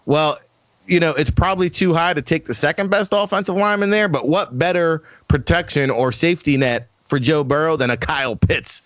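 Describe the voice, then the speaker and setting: A man's voice: a little high, a little fast, fairly bright tone, no room sound. A man giving opinionated, emphatic football analysis as a weekly guest, with frequent restarts. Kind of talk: casual sports talk.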